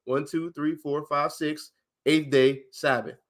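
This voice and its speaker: Man, somewhat high voice, emphatic livestream teacher, asks questions, counts out loud. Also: fairly even intonation, slow.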